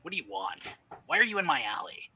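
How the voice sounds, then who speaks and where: A man's voice: on the high side, big pitch swings, fast, pushed and bright, slightly rough, full character voice. A man playing a sullen, hideous male vampire who guards his alley, speaking in a surly, scornful way.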